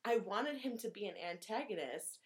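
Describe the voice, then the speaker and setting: A woman's voice: mid-range voice, expressive, moderate pace. Giggly young woman chatting about films. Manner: laughs often, many fillers. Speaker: podcast co-host. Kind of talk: casual movie discussion.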